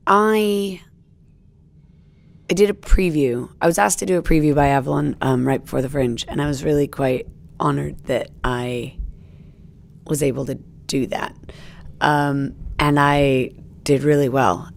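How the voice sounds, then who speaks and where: A woman's voice: sits low, creaky. A young adult American woman, a stand-up comedian, chatting reflectively and rambling with fillers and self-corrections. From United States. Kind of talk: casual reflective chat.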